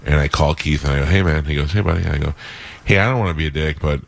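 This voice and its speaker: A man's voice: a bass voice, fast, gravelly. A middle-aged man hosting a radio morning show, telling a blunt, profane story full of quoted back-and-forth. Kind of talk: casual storytelling chat.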